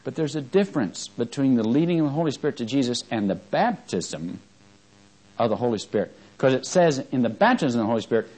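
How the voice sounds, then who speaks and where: A man preaching a sermon, asking his congregation questions and moving between fervent emphasis and quiet asides. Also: mid-range voice, very animated, brisk, low-quality recording.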